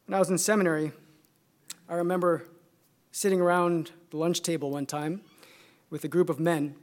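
Californian-accented male preacher, measured, emphatic, builds points by repetition. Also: on the high side, fairly even intonation. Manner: measured and emphatic, building through repeated phrases. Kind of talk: sermon.

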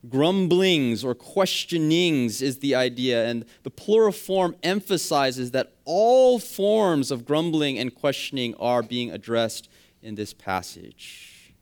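A man preaching a sermon, with emphatic rising phrases that drop quietly at the ends of points. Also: mid-range voice, expressive, takes it slowly, smooth. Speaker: pastor.

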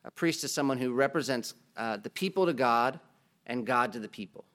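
A man's voice: mid-range voice, fairly quick, fairly bright tone. A man preaching a sermon as pastor, in a conversational way, asking the congregation questions and adding joking asides.

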